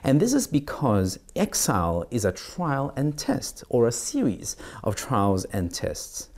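A man's voice: medium pitch, big pitch swings, measured pace, darkish tone. A middle-aged man as pastor, giving a devotional sermon and reading scripture aloud, with many fillers and restarts.

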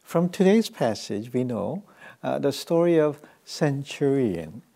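Gravelly, dark-voiced male pastor preaching. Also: medium pitch, big pitch swings. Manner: halting, with frequent fillers and restarts. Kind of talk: sermon.

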